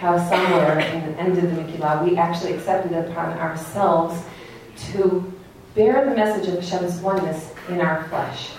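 A woman's voice: on the low side, steady tone, moderate pace, darkish tone, far from the mic. A middle-aged woman giving an earnest religious lecture to an audience, telling stories as she teaches. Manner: earnest, storytelling, laughs at own anecdote. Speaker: Torah teacher. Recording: echoey hall, speaker away from mic.

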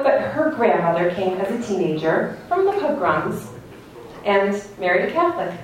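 A woman's voice: medium pitch, expressive, normal speed, far from the mic, a little hiss or hum. A middle-aged woman teaching a religious class, earnest and full of storytelling. Her voice carries in a very echoey hall and sounds set back from the microphone. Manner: earnest, storytelling, laughs at own anecdote. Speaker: Torah teacher. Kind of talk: religious lecture. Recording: echoey hall, speaker away from mic.

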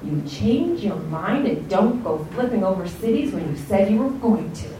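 A woman's voice: medium pitch, lively intonation, moderate pace, dark tone, a little hiss or hum, close to an everyday voice. A woman voicing an angry, fed-up male prophet. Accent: American. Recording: roomy, distant mic, faint ambience.

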